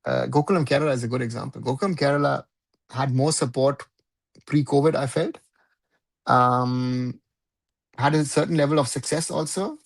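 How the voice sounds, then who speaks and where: Gravelly, opinionated man hosting live. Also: medium pitch, steady tone, normal speed, pauses often. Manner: opinionated, conversational, keeps asking "right?". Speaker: host of a live football talk show. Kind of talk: live discussion and commentary.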